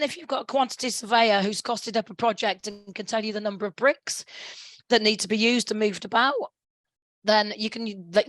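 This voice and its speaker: A middle-aged woman with a hoarse, sore throat giving a webinar presentation over a video call. She often restarts her phrases and stops to clear her throat. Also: medium pitch, a bit bright, no echo, rough recording. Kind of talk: conference presentation.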